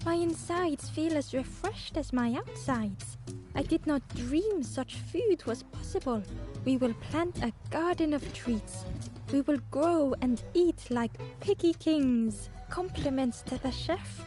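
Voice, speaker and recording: A woman narrating a storybook game voices a joyous pig who is overjoyed with a fine meal, in a slow, grand and savoring way. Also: sits high, lively intonation. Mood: delighted. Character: joyous greedy pig, delighted by food. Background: game music.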